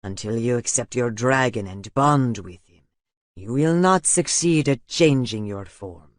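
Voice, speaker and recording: A man voicing a calm, patient male mentor in an audiobook, speaking slowly and gently. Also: medium pitch, no echo, clean studio sound, natural voice. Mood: coaxing.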